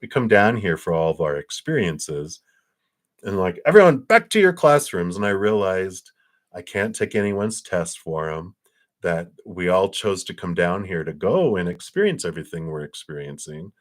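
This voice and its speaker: A man giving a casual spiritual talk on a livestream, animated and acting out quotes between chuckles. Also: sits low, moderate pace. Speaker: spiritual reader.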